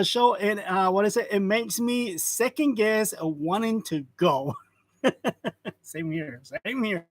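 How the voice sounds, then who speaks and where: A man's voice: high-pitched, bright, forceful tone, no echo. Chuckling man in his forties, dry close sound. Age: 40s. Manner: greets viewers by name, chuckles often. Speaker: host of a live stream. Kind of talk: casual live-stream chat. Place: print shop. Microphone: wireless lavalier.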